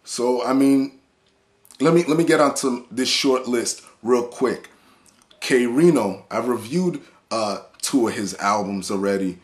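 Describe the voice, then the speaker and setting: A man's voice: mid-range voice, a little slow. A man ranting to the camera about hip-hop in a blunt, profane, heated way, listing examples and restarting his sentences. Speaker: hip-hop vlogger and reviewer. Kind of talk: profane unscripted rant.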